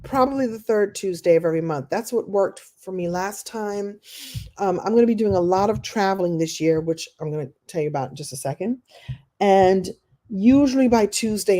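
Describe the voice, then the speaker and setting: A woman coach talking to her audience in a live online masterclass. She chats and answers questions in an animated way, often laughing and acting out what people say. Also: lowish voice. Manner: chatty, animated, acts out quoted voices. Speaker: life coach and speaker.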